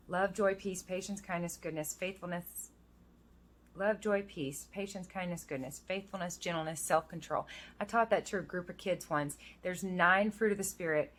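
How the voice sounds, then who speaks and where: A woman in her thirties talks straight to her viewers in a casual vlog. Her voice sits a little low, and she turns reflective and earnest as she reads verses aloud. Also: fairly bright tone. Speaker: vlogger. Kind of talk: casual personal vlog with scripture reading. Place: outdoors in the rain.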